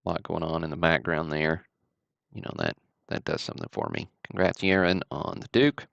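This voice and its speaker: A man's voice: a bass voice, sing-song, a little fast, creaky, a bit bright, no echo, highs cut off. A man from Alabama, casually hosting a card-break livestream with easygoing, chatty commentary.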